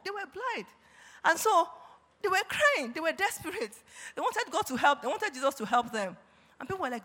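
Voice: sits high, sing-song, measured pace, a bit bright. A preacher giving a sermon, reading scripture aloud and breaking in again and again with calls of praise. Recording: long reverb of a large hall.

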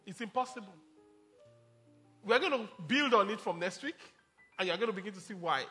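A man's voice: high voice, lively intonation, a little fast, pauses often, pushed and bright, faint music behind. A man preaching a sermon as pastor, emphatic, calling out to the congregation and mixing in jokes.

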